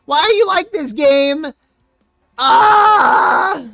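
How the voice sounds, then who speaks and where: A man streaming a racing game, commenting as he plays with constant profanity, exasperated ranting and sudden yelled outbursts. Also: high voice, animated, moderate pace, dry recording. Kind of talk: live gameplay commentary.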